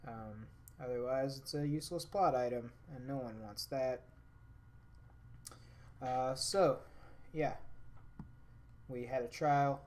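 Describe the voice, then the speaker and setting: A man's voice: medium pitch, slow, long pauses, a little mellow. A man hosting a game playthrough, recapping in a dry, offhand way. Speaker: let's play host. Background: game music.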